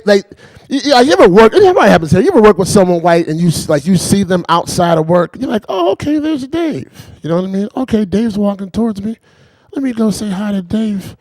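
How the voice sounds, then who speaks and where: A man's voice: fairly high pitch, a little mellow, dry recording. A man doing a rambling stand-up routine, chuckling between lines and repeating "you know what I mean". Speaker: stand-up comedian.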